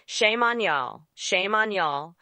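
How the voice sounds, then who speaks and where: A woman's voice: medium pitch, takes it slowly, dry recording, exaggerated voice. A synthetic female voice imitating a female politician, reading out donor messages. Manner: even, read-out delivery. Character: text-to-speech impression of a female politician.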